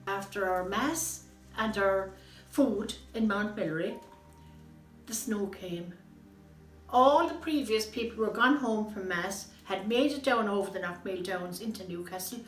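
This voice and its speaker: A woman recounting a personal memory in a steady, plain way. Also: mid-range voice, a little slow. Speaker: interviewee sharing memories. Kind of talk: casual storytelling. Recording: roomy with faint music behind.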